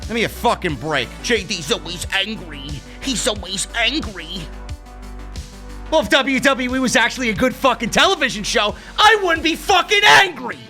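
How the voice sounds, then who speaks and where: A brash man rants through a livestream wrestling review and swears freely. His voice is bright and high for a man. It leaps up and down with a lot of animation over faint background music. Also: expressive, moderate pace. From New York. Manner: profane, ranting, brash. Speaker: wrestling show reviewer, podcast host. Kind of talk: livestream rant, casual chat.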